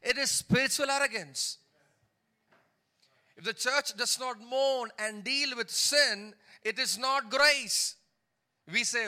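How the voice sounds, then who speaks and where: A high, bright male preacher delivers a sermon. He reads scripture aloud, then breaks off to comment. He drives his points home with repeated lines and calls for the congregation to answer back. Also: measured pace. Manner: preaching with repeated emphatic lines and call-and-response. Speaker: pastor.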